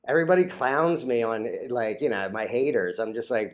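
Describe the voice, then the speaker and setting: A man's voice: medium pitch, brisk, vocal fry, few pauses. A man vlogging about stocks in a crude, rambling casual rant, full of "like" fillers, laughing at his own jokes and getting easily flustered.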